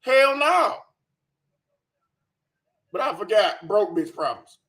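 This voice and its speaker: A man's voice: high voice, sing-song, takes it slowly, a bit bright. A man hosting a reaction commentary, profane, scornful and sarcastic. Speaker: commentary channel host.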